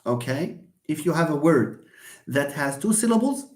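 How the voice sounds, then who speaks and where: An English teacher gives a live online lecture in a middle-pitched, patient, chatty voice with a sing-song lilt. She draws words out slowly, laughs easily and often, and answers students by name. The sound is roomy, echoing as if in a bare space.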